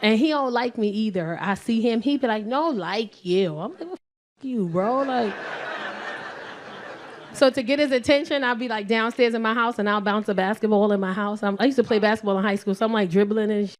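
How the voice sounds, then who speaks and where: A New York woman in her forties doing stand-up comedy, loud and animated, shouting punchlines and acting out both sides. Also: on the high side, brisk, a little hiss or hum. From South Bronx, New York.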